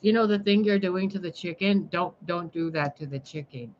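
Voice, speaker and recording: A woman's voice: lowish voice, normal speed, a little mellow, lo-fi sound, a little hiss or hum. A woman livestreaming a blunt, sarcastic monologue, scolding her viewers and swearing freely. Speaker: spiritual livestreamer.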